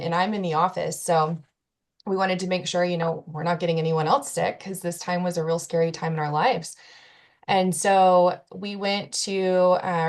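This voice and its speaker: A woman's voice: on the low side, darkish tone. A woman telling an emotional personal story in an interview, earnestly recounting events and quoting what people said. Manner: earnest, emotional retelling with quoted dialogue. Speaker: guest telling her story.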